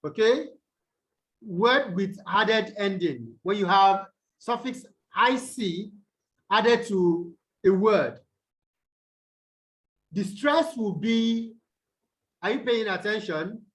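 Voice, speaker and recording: High-voiced male tutor on a video call. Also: lively intonation, takes it slowly, pauses often, a bit bright, low-quality recording. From Nigeria. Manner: checks in often with "okay?" and "the what?". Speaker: English tutor. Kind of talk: online tutorial on stress rules.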